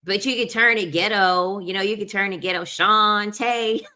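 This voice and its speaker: A woman's voice: medium pitch, steady tone, fairly quick, bright, forceful tone. A woman chatting casually to her viewers, emphatic and repeating herself, laughing often. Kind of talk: casual chat to camera.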